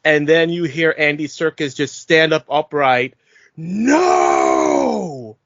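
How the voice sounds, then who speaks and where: A man's voice: fairly high pitch, fairly even intonation, normal speed, fairly bright tone, dry recording. A man co-hosting a podcast, explaining film details and dropping wry one-line quips. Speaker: podcast co-host. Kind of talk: casual chat about a film. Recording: dull lo-fi dry sound.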